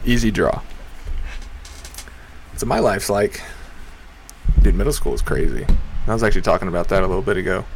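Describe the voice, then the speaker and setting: A man in his twenties hosting a show, telling a crude, rambling, profane comedic story with sudden loud jumps in pitch for emphasis. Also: creaky, slight background noise. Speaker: podcast host. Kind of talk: casual comedic monologue.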